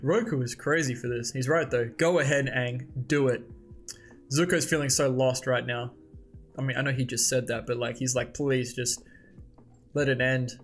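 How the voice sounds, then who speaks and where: A man hosting a casual comic read-along, reacting excitedly and thinking aloud as he goes. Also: mid-range voice, normal speed. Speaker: host.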